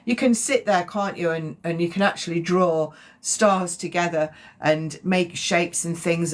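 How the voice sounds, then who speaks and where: A woman giving a chatty, rambling psychic card reading on a live stream. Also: fairly low pitch. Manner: chatty, rambling, self-correcting.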